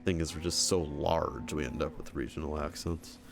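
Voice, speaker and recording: A man's voice: rumbling low, fairly even intonation, normal speed, vocal fry, a little hiss or hum. A man with a Michigan accent, rambling and chuckling as he talks to viewers during casual gameplay commentary. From Michigan, USA. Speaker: streamer.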